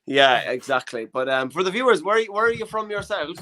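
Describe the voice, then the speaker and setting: A man's voice: sits high, lively intonation, brisk, sharp tone. A man hosting an online comedy show, chatting casually and joking at his own expense. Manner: joking, self-deprecating, rambling.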